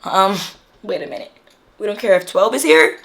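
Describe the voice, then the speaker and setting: A woman vlogger telling a story in casual chat, slangy and animated, acting out what others said. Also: mid-range voice, normal speed, background noise.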